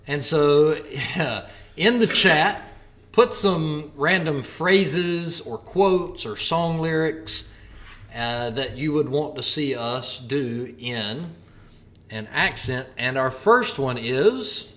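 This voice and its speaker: A man's voice: a little high, lively intonation, slow, a bit bright. A man co-hosting a live stream, joking around and reading out ideas from the chat. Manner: playful, joking banter with the chat.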